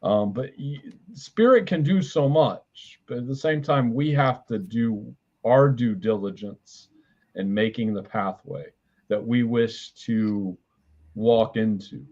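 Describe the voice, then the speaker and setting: A man doing a live spiritual reading, his mid-pitched voice slightly dull and lo-fi. He rambles, restarts his sentences and swears casually as he passes on messages. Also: slow pace, a little mellow. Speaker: spiritual reader and healer.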